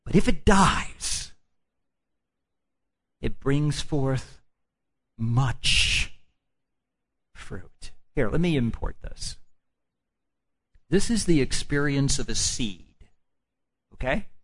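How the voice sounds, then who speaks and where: A man's voice: mid-range voice, animated, very slow, long pauses, a bit bright, breathy edge. A man preaching a sermon. He draws out his phrases for emphasis and puts questions to the congregation. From Midwestern United States.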